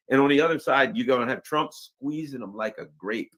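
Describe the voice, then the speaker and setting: Hosting a casual political commentary, a man rambles with animated asides and slips briefly into the voices of those he quotes. He speaks fairly quickly in a mid-range voice, with hardly any pauses.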